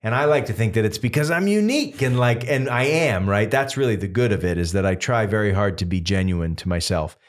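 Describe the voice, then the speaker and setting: A man in his fifties with a very low voice, originally from Massachusetts. He talks as a guest in a relaxed interview, winding through long stories with plenty of "like" and "you know". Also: brisk, hardly any pauses. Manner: rambling, animated storytelling full of fillers. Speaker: singer-songwriter guest. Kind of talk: casual interview chat.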